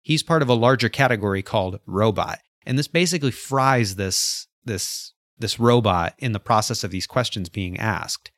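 A man with a fairly low voice talks through a story in a casual book chat. He retells the scenes with animation and plays out the lines himself. The sound is dry and close. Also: moderate pace, hardly any pauses, dry recording. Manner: animated storyteller, acts out quotes. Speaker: podcast co-host.

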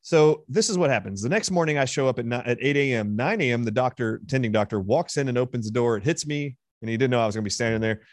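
A man's voice: medium pitch, fast talker, few pauses, dry recording, clean studio sound. A man being interviewed as a guest, retelling a heated exchange with force and emphasis. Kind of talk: interview storytelling.

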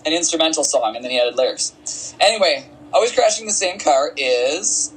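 Lively, teasing male podcast co-host. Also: a little high, normal speed, a little hiss or hum, poor audio. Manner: wry, teasing, laughs a lot. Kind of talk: casual music chat.

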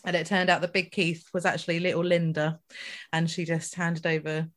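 A woman's voice: fairly low pitch, flat delivery, a little fast. A woman hosting a podcast, telling a rambling anecdote in casual chat with fillers and asides. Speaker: podcast host.

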